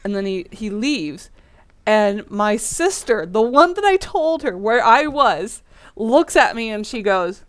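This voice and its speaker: A gaming channel host plays a game while telling a childhood story, rambling casually and filling it with fillers. Her voice is a little high and a little slow, with big swings in pitch.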